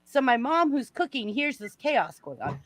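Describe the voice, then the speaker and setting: Woman co-host, a bit high-pitched, dry close mic, animated storyteller who acts out the voices. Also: normal speed, no room sound. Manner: animated, acts out voices, shrieks and laughs while telling stories. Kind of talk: casual storytelling on a livestream.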